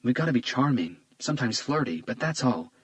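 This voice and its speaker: A man's voice: mid-range voice, sing-song, brisk, a bit bright, no echo, highs cut off, pitched above the performer's own voice. A man reading as a tearful, grieving young woman who works as an estate agent, his voice raised and trembling. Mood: subdued grief. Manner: breathy, trembling delivery.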